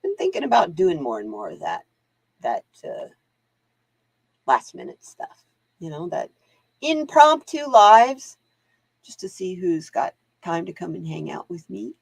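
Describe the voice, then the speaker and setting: Woman hosting a live card reading stream, chatty and rambly, gravelly voice, swoops up and down a lot, dry close sound. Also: lowish voice, huge pitch swings, measured pace, pauses often, no echo. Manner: chatty, laughs often, wanders off on stories. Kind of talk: casual livestream chat.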